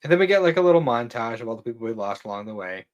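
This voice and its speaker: A man's voice: mid-range voice, big pitch swings, very fast, dull audio. Laid-back man co-hosting a casual podcast. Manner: laid-back and candid, with casual swearing, stammered restarts and laughs. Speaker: podcast co-host. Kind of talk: casual chat.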